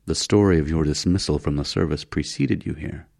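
A man's voice: very deep voice, fairly quick, vocal fry, darkish tone, no echo, clean studio sound, heavily acted. A man voicing a courteous, menacing alien. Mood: menacing polite. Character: polite, menacing male alien leader.

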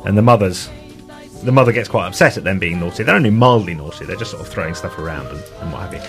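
A man presenting a casual radio chat show, retelling a children's story with many pauses and restarts. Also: sits low, animated, soft background music. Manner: hesitant, many ums and restarts.

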